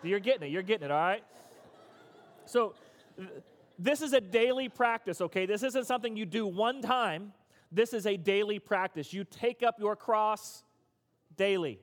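Speaking at a moderate pace in a high voice, a male pastor leads a recovery group through an interactive sermon. He repeats himself emphatically and urges listeners to answer back, with the sound echoing around the hall.

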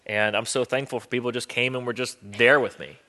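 Man, pastor, sermon, conversational, wry humor, bright tone. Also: medium pitch, fairly even intonation, fast.

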